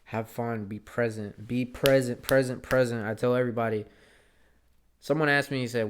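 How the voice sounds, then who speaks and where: A man's voice: medium pitch, steady tone, normal speed, smooth. A young man talking straight to camera in a casual monologue, rambling and earnest, dropping swear words as he goes. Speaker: vlogger.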